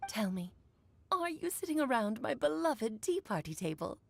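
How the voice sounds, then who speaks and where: A woman's voice: a little high, big pitch swings, moderate pace, gravelly, slight background noise. A woman voicing a grand, coy and theatrical female witch mentor in a video game. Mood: storytelling. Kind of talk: game voice acting. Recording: game audio with faint music.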